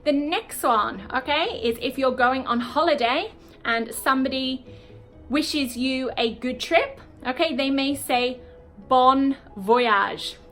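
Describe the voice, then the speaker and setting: A British woman teaching English in a casual video lesson, explaining slowly and checking in with "okay?" often. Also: high voice, a bit bright, soft background music. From Britain. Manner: explains slowly, repeats words, frequent "okay?".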